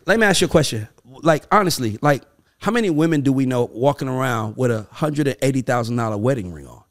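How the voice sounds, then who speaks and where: A man's voice: medium pitch, quick pace. A man hosting a casual podcast, joking and acting out quotes in playful voices. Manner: animated, acts out quotes in funny voices. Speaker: podcast host.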